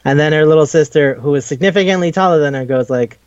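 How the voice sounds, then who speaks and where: Rambling and cursing, a podcast co-host recaps scenes in casual chat, briefly doing put-on voices for the characters he quotes. He talks fast at an ordinary pitch, and the recording sounds dry and somewhat dull.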